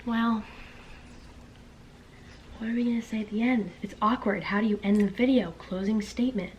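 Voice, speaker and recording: A woman's voice: on the high side, steady tone, normal speed, lo-fi sound, a little hiss or hum. A woman in her twenties chatting casually at home as a vlogger, filling her talk with filler words. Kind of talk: casual couple chat. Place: home, with a pet dog.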